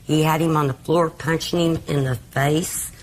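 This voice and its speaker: A woman's voice: low-pitched, steady tone, normal speed, a little hiss or hum. A middle-aged mother testifying in court, plain-spoken and recounting events in a rush. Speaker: litigant, mother.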